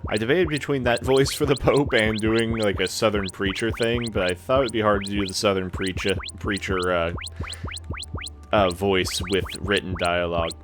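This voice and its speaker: Low-voiced male let's player. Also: fairly even intonation, moderate pace, over music. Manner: self-deprecating, playful, reads in a solemn voice. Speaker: let's play host. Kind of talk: casual gameplay commentary and reading aloud.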